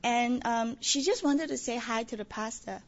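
A woman giving a testimony, telling her story with animated quotes. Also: on the high side, normal speed, dull audio. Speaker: church member giving testimony.

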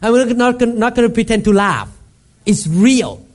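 A man preaching a sermon as a pastor, emphatic and repetitive, acting out scenes with sudden shouts. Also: very high-pitched, lively intonation, measured pace. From Thailand.

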